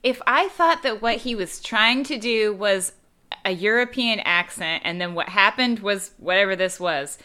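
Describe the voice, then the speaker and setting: A woman co-hosting a podcast, chatting about a movie in an animated, amused way and exaggerating for effect. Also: medium pitch, measured pace. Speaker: podcast co-host. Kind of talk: casual chat reviewing a movie.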